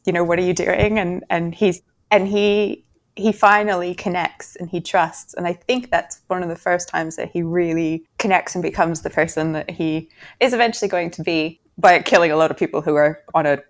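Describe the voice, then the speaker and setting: A woman's voice: on the low side, fairly even intonation, moderate pace. A woman hosting a podcast discussion in casual chat, talking freely and giggling often between remarks. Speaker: podcast host.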